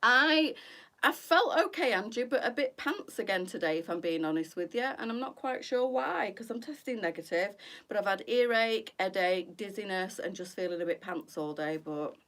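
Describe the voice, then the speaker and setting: A woman's voice: medium pitch, animated, moderate pace, fairly bright tone. A middle-aged woman, chatting casually to viewers on her boutique live stream and calling them girls.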